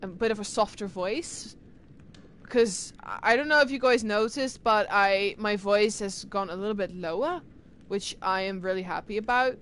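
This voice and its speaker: A young gaming streamer chats casually with her viewers in a mid-range, fairly bright voice at a moderate pace. Her English accent carries touches of Irish and Scottish sounds, and she rambles with lots of fillers and restarts.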